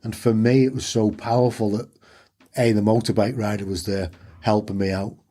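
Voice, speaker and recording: Yorkshire man, guest storyteller; husky, lowish voice, acts out dialogue. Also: flat delivery, moderate pace, mellow. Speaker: podcast guest. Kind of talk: personal storytelling interview.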